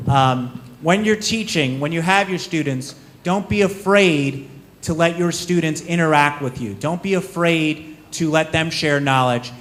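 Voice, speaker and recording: Man telling a parable at a panel. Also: a little high. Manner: lively storyteller. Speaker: conference panelist.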